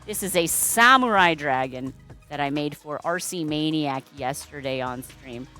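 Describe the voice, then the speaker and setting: A woman's voice: deep voice, unhurried, pushed and bright, faint music behind. A woman hosting a casual livestream as a balloon artist, chatty and playful, greeting viewers and making puns. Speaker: balloon artist streamer host.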